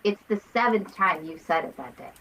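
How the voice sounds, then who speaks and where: A woman co-hosting a casual book discussion, talking in an animated, emphatic way. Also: lowish voice, brisk, gravelly, a little hiss or hum, poor audio. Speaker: podcast co-host.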